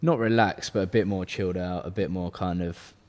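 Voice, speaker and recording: A man's voice: deep voice, steady tone, brisk, darkish tone. A man of twenty, hosting a casual podcast chat and rambling with lots of fillers and restarts. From England. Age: 20s. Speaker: podcast host, car detailing business owner. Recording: long hall reverb.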